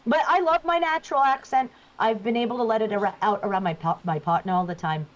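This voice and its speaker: A New Jersey woman, a voice actor appearing as a guest, chats casually while gaming, talking fast in a slightly high voice. She shifts where her voice sits to demonstrate, and the recording sounds dull and lo-fi.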